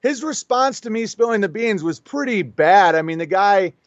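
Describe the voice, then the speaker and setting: In a casual conversational interview, a show guest with a high-sitting voice talks at normal speed, recorded lo-fi with no room sound. He tells his story with animation, acting out each side of the dialogue.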